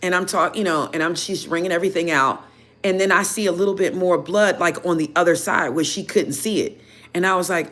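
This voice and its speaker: A woman tarot reader casually telling viewers a story in an animated, chatty way, full of "you know" fillers. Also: lowish voice, brisk. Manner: animated, chatty, heated when retelling.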